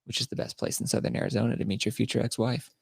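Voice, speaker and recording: A man's voice: medium pitch, flat delivery, very fast, vocal fry, darkish tone, breathy edge, no room sound. A man hosting a podcast in casual chat, telling crude, mocking stories and laughing often. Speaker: podcast host.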